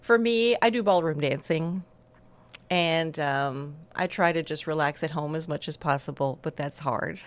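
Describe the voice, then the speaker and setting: A woman's voice: low-pitched, unhurried. A woman who grew up in the United States and France, a bakery co-owner, answering interview questions in a friendly, explanatory way.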